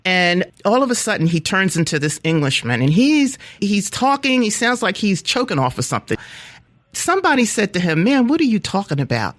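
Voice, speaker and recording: A woman's voice: medium pitch, normal speed. A woman hosting a radio talk show, interviewing a guest with lots of laughter. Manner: giggly, animated storyteller.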